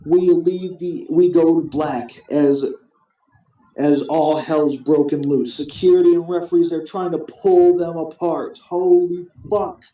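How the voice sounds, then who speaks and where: A man's voice: on the high side, steady tone, a little slow, mellow. Rambling, swearing guy in an echoey room. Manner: rambling, restarts sentences, swears often. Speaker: host recapping a simulated wrestling show. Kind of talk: casual profane recap chat.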